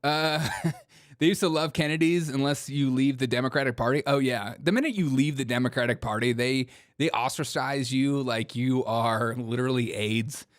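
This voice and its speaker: A man's voice: mid-range voice, moderate pace, dry recording, studio quality. A man hosting a comedic political commentary show who laughs often and mocks freely while reading out chat comments. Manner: laughs often, mocking and irreverent; reads chat comments aloud. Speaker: show host.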